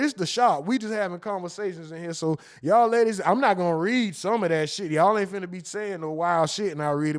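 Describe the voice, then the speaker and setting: Man, livestream host, high voice, crude jokey chat, laughs at himself, reads the chat. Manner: loose, crude and joking, often laughing at himself. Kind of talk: casual livestream commentary reading chat.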